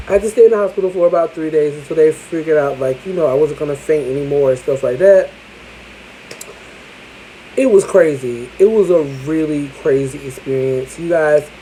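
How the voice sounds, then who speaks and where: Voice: medium pitch, dark tone, a little hiss or hum, rough recording. A vlogger telling a personal story to the camera in a candid, chatty way, with casual swearing.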